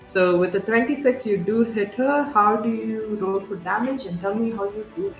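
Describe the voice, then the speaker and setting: Narrating a tabletop game at medium pitch, a game master gives vivid but halting descriptions full of fillers and restarts. The recording sounds roomy and dull, with faint music.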